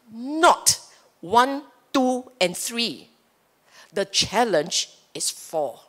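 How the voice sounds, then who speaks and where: A woman's voice: medium pitch, fairly bright tone. A woman with a Singaporean English accent giving a playful, teasing Dhamma talk as a Buddhist teacher, often checking in with her listeners. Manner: playful, teasing, asks the audience for agreement. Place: temple hall.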